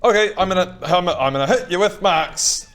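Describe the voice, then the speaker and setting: A man's voice: sits high, a little fast, fairly bright tone. A man playing a tabletop game, protesting the rules and stammering through his turns. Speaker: player. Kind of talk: casual tabletop game play.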